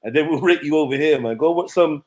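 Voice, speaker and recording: A man's voice: a little high, quick pace, darkish tone. A man hosting a stream, joking and mocking in casual slang. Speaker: stream host. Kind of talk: casual reaction commentary.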